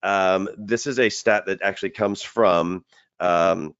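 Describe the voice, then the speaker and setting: A man's voice: sits low, fairly even intonation, slow, a bit bright, clear, resonant tone, dry recording. A man hosting a training webinar, chatty and rambling, often restarting his sentences. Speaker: webinar host. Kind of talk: casual webinar presenting. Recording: dull lo-fi web call audio.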